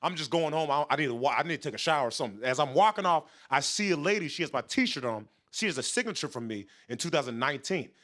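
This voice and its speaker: Young male stand-up comic, bright, forceful voice, animated, spikes high on punchlines. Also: fast, few pauses. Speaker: stand-up comedian. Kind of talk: stand-up storytelling. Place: large TV studio stage with audience.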